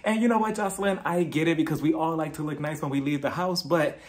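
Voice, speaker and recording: A man's voice: a little high, fast talker. A man giving a casual, candid recap of a reality TV episode, chatty and outspoken, with frequent swearing and laughter. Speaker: reality TV reviewer.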